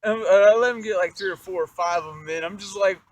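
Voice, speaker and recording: A young man telling a story from his own life in a casual, animated, profane way, full of fillers like "you know" and "like". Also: sits high, fast talker, far from the mic, slight background noise. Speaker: vlogger.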